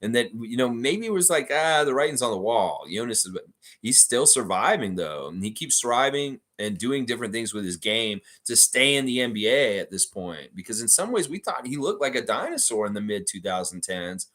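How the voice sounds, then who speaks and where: A man's voice: medium pitch, sing-song, normal speed, a bit bright. A man hosting a casual sports reaction livestream, reading viewer comments aloud and answering them in a chatty way.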